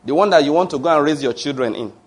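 Male preacher, slightly high voice, emphatic and digressive. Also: animated, racing, slightly rough. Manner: emphatic, asks the congregation questions and answers them; digressive, with restarts and fillers. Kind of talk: sermon.

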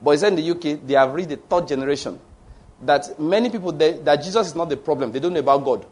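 Emphatic preacher, fairly high voice. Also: male voice, fast talker, a little mellow. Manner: emphatic, asks the congregation questions and answers them; digressive, with restarts and fillers. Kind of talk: sermon.

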